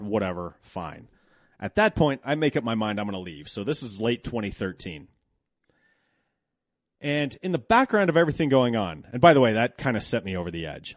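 Man, thirties, blunt and profane storyteller, lively swooping pitch, dry close sound. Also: no room sound. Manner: blunt and profane, animated when indignant. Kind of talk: candid personal storytelling.

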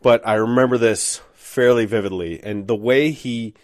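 A man's voice: medium pitch, normal speed, no room sound, studio quality. A man telling a rambling, self-deprecating story in a casual way, with many fillers.

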